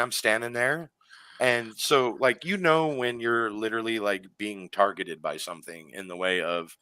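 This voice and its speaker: Animated man telling a story, bright dry voice. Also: on the low side, clean tone, no echo. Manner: animated, lots of fillers and restarts. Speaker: guest. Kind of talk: casual storytelling on a radio show.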